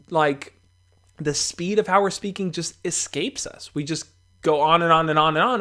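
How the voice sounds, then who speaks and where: A man's voice: on the high side, fairly bright tone. A young man hosting a livestream, giving casual, encouraging advice straight to his viewers, with fillers and restarts.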